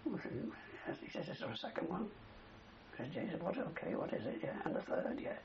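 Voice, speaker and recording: Gravelly older man reminiscing. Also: high voice, sing-song, brisk. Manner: rambling storyteller with many "you see" tags. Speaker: interviewee, war veteran. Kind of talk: oral history reminiscence. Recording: dull older recording with faint hiss.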